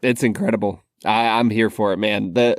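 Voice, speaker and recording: A man co-hosting a casual film review podcast, relaxed, with drawn-out phrasing and some hesitant restarts. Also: lowish voice, dry recording, clean studio sound. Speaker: podcast co-host.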